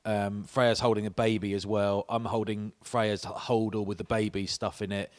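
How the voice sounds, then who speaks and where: Chatty man, low voice. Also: little pitch movement, normal speed. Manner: chatty, laughing, swearing storyteller. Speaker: podcast co-host. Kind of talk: casual chat.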